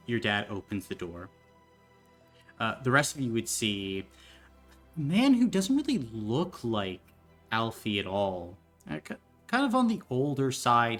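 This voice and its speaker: A woman game master narrating a tabletop game in a hesitant way, with many fillers and pauses. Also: a bass voice.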